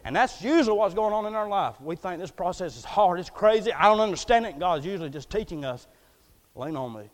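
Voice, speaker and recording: A man preaching a folksy, emphatic storytelling sermon. He swings between loud bursts and hushed asides. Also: high voice, lively intonation, fast, few pauses. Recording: long hall reverb.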